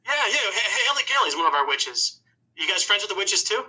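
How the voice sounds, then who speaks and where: A man's voice: sits high, big pitch swings, fairly quick, sharp tone, voice pushed up, heavily acted, low-quality recording. A man voicing Tinker, a cheerful, naive robot adventurer, in an eager, earnest and slightly stumbling manner.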